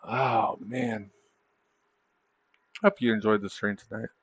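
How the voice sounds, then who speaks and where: A man's voice: fairly low pitch, fairly even intonation, slow, breathy edge. A man hosting a trading livestream, chatting casually over charts and tossing in tag questions like "isn't it?". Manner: loose, chatty, thinking aloud.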